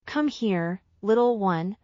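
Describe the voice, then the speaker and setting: A woman's voice: medium pitch, lively intonation, slow pace, a little mellow, no echo, lo-fi sound. A woman voicing a sly, scheming male crocodile in a storybook, coaxing and talking through his teeth.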